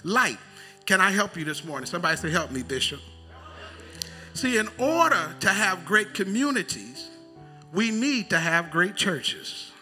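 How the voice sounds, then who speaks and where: Bright high-voiced preaching bishop. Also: male voice, very animated, faint music behind. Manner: call-and-response preaching, builds to loud emphatic cries; drawls key phrases slowly for emphasis. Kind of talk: sermon. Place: church sanctuary.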